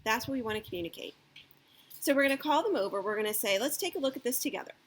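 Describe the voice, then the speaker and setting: In rapid-fire, animated speech with a slightly high voice, a woman gives casual parenting advice to camera. She checks in constantly with "okay?" and "right?", and acts out the parent's lines in a raised voice.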